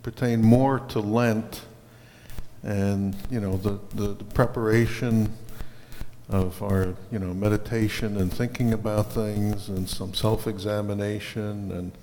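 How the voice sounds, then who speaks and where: Male pastor, unhurried sermon delivery, long church reverb, faint hum behind. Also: lowish voice, fairly even intonation, mellow. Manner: slow and deliberate, stirring bursts on key words.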